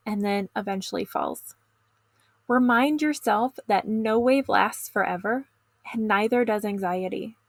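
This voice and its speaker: A middle-aged woman coaching teens in an instructional video lesson, calm and encouraging, speaking straight to the viewer. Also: on the high side, no echo. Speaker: teen stress coach.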